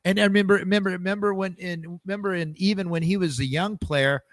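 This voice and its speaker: A man's voice: high voice, quick pace, no room sound. Upbeat man hosting a chatty podcast. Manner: lively storyteller, many restarts and repeated words. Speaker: podcast host. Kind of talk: casual chat.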